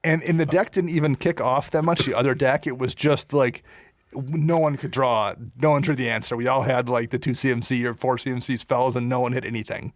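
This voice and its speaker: A man's voice: mid-range voice, steady tone, fairly quick, dry recording. A man co-hosting a podcast in casual chat, rambling with lots of fillers and self-deprecating asides. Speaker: podcast co-host.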